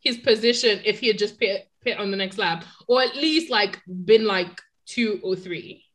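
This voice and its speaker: A woman talking casually on a podcast, chatty and animated, laughing easily as she discusses. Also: medium pitch, normal speed. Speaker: podcast co-host. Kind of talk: casual chat about motor racing.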